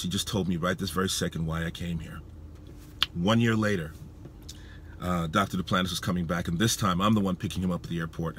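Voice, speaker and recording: A man preaching, telling a personal story in an emotional, halting way, often repeating his words. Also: on the low side, pushed and bright, a little hiss or hum. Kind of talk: sermon storytelling.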